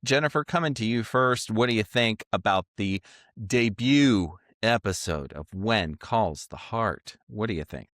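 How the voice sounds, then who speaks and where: A man co-hosting a podcast, calmly leading segments and giving his take on a TV episode. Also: fairly low pitch, dry recording, clean studio sound. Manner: measured, affirming, runs the segments. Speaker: podcast co-host. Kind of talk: casual podcast talk.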